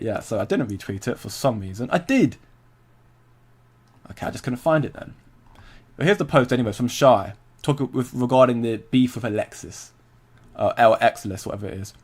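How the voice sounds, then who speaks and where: A young man hosts a relaxed livestream, talking at an ordinary, mid-range pitch. He rambles in a loose, conversational way, breaks off to greet viewers and answer their comments, and laughs easily. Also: a little fast. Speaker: crypto livestream host. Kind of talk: casual livestream chat.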